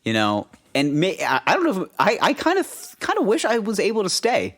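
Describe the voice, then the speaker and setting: A man's voice: sits high, huge pitch swings, a little fast, fairly bright tone. Rambling, laughing podcast co-host man. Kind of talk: casual chat.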